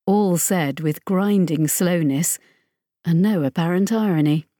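Audiobook narrator, woman, lower-pitched, measured, dry studio sound. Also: dry recording. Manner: measured, even storytelling.

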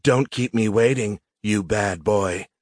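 A male narrator voicing a sultry female android who speaks in a slow, purring, seductive way. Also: on the low side, dry recording, clean studio sound.

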